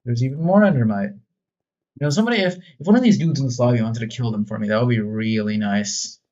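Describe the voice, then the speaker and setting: A man chats loosely over his gameplay, joking and mocking his own skills as he goes. His voice sits at an ordinary middle pitch. The sound is a bit dull and lo-fi. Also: quick pace, mellow. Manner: joking, self-mocking, rambling. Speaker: gaming video creator. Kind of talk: casual gameplay commentary.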